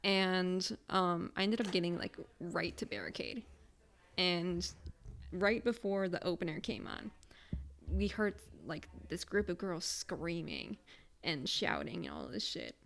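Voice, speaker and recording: Gravelly-voiced young woman telling a story. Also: on the low side, unhurried. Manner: profane, animated storyteller. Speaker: podcast co-host. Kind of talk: casual storytelling chat.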